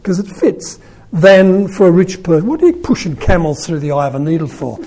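An older priest with a husky voice preaching an informal, humorous sermon, acting out the quoted lines with rising emphasis. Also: male voice, high voice, expressive, fairly quick, dark tone.

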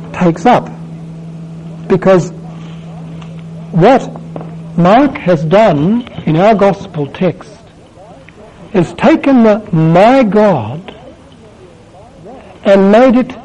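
A man preaching a sermon, asking the listeners question after question and swelling louder on key words. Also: high-pitched, low-quality recording.

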